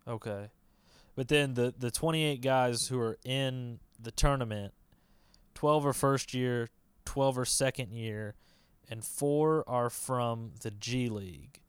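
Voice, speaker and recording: An easygoing man co-hosting a casual podcast, often hesitant and asking questions. His voice is smooth and clear, medium in pitch. The sound is dry and close. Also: takes it slowly, dry recording. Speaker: podcast co-host. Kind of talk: casual chat about basketball.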